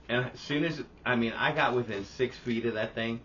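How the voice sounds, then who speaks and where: A man's voice: mid-range voice, normal speed, dull audio, slight background noise. A man co-hosting a podcast, telling stories in casual chat, swearing and acting out what people said. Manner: animated, swearing, acts out quotes. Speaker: podcast co-host.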